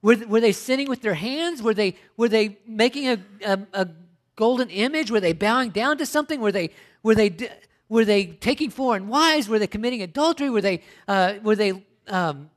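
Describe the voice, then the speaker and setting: A man's voice: high voice, expressive, brisk. Middle-aged pastor, man, preaching with emphatic rhetorical questions and frequent restarts. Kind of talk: sermon.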